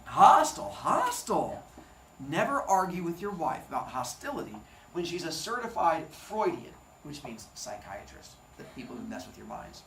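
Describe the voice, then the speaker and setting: A man reads a novel aloud to his class and stops to make joking asides, with an animated, lively rise and fall in his voice. The classroom sounds roomy and echoey, with a faint hum of ambience. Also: fairly high pitch, normal speed, vocal fry. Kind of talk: reading a novel aloud with commentary.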